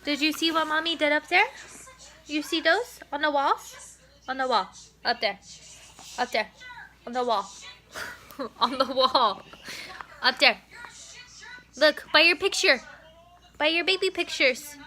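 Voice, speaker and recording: A young mother vlogs at home indoors on a phone camera, using a sing-song baby voice with her toddler and occasionally addressing viewers. Her high-pitched voice is animated, pushed, and bright, unhurried with long pauses, and there's a slight hiss or hum.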